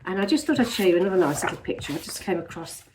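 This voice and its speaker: A woman's voice: lowish voice, expressive, very fast, a little mellow, slight background noise. English woman, 50s, Midlands tinge, slightly nasal, rambling vlogger. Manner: chatty, rambling, self-deprecating. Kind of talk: casual chat.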